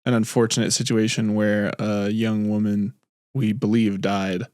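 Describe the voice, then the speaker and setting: A man's voice: lowish voice, flat delivery, a little slow, a little mellow, smooth, no room sound, clean studio sound. A man hosting a podcast, chatting casually and laughing easily, then reading his own short story aloud. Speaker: podcast host.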